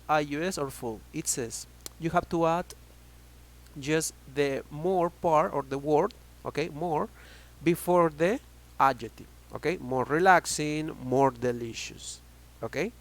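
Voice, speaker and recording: A man with a Spanish accent teaching an online English grammar class, talking slowly, repeating words and checking in with "okay?" again and again. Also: fairly high pitch.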